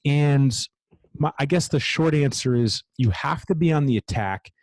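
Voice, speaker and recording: A man's voice: fairly high pitch, moderate pace, a little mellow, no echo. A man who runs a gym speaks in a casual interview. He talks bluntly, swears freely and pushes ahead with drive. The sound is close and dry. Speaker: gym owner, guest.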